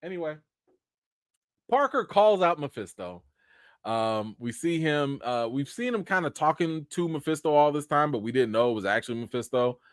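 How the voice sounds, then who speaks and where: A man's voice: fairly high pitch, lively intonation, moderate pace, no room sound, studio quality. A man hosting a casual live-stream review, talking straight to his viewers in slang. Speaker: TV series reviewer and live-chat host.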